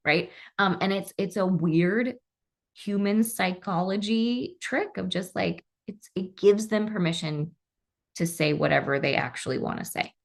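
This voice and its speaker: A woman co-hosts a workplace podcast, speaking at a middle pitch with a gravelly, fry-tinged voice. She talks reflectively and thinks aloud, often restarting her sentences. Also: measured pace. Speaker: podcast co-host. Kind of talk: casual podcast discussion.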